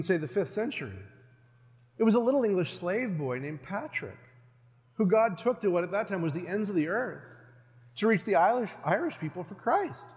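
Man preaching a sermon, high voice, long hall reverb, animated delivery. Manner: animated preaching, rising loud when voicing objections. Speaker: pastor. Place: church sanctuary.

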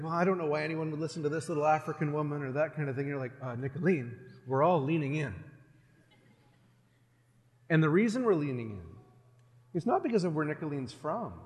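A man in his thirties preaching a sermon as pastor, animated and conversational, swelling loud when he voices objections. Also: on the high side. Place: church sanctuary. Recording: long hall reverb.

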